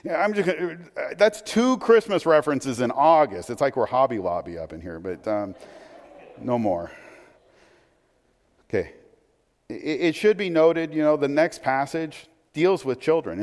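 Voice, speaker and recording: Man preaching in a reverberant hall. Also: fairly high pitch. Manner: conversational, with frequent restarts and asides. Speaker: pastor. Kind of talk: sermon.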